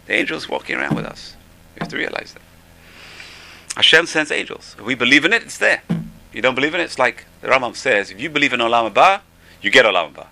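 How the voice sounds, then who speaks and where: Gravelly male teacher with a very bright tone, enthusiastic informal religious class. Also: mid-range voice, lively intonation, fast, low-quality recording. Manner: enthusiastic, repeats "amazing". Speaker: Torah teacher.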